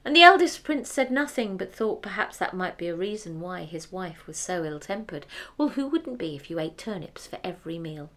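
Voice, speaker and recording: A woman telling a fairy tale aloud, expressive, dropping to whispers for effect. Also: lowish voice, moderate pace, hardly any pauses. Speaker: storyteller. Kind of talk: oral fairy-tale storytelling.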